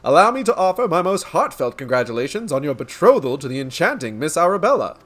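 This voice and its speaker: A man reading game dialogue aloud as a pompous, grandiose gentleman inspector with flowery, theatrical speech. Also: a little high, very animated, fast talker.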